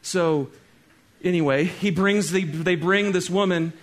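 A male pastor preaching a sermon, talking straight to his congregation and swinging between loud exclaiming and soft, hushed stretches. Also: sits high, a little slow. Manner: conversational, talks straight to the congregation.

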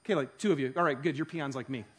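A man preaching a sermon, telling stories with animated delivery that swings from hushed to loud. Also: medium pitch, rapid-fire, breathy edge. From Detroit. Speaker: pastor.

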